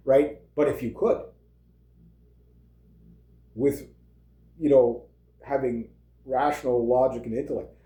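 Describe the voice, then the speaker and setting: Young male vlogger, rambling storyteller, dark timbre, roomy sound. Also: medium pitch. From Canada. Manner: rambling, animated storytelling with laughs. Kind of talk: casual monologue.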